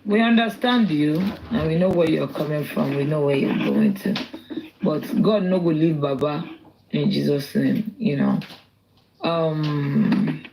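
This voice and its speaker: A man's voice: on the high side, unhurried, creaky, darkish tone. Nigerian man moderating over a noisy line. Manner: calling on speakers by name. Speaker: host. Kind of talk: moderating a live audio chat.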